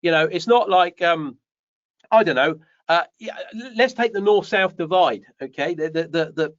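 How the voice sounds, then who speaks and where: A man co-hosting a live show, reading out viewer comments and joking with them in a teasing, animated way. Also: a little high, moderate pace. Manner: jokey, teasing, animated storytelling. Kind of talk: casual live show chat. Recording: dull, dry lo-fi stream audio.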